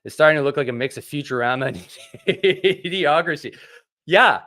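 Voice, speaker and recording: A man hosting a casual livestream chat, animated and sarcastic as he rants. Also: a little high, fairly quick. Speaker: host.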